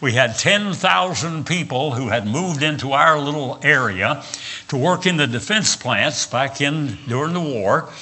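A man's voice: on the high side, animated, unhurried, pushed and bright, husky. An older man from West Virginia with a Southern accent, preaching a sermon and telling folksy personal stories with frequent "uh"s and repeated words.

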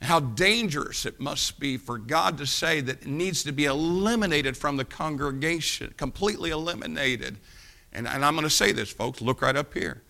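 A man's voice: on the high side, animated, normal speed, vocal fry, sharp tone. A man preaching a sermon as pastor, speaking emphatically and addressing the congregation directly.

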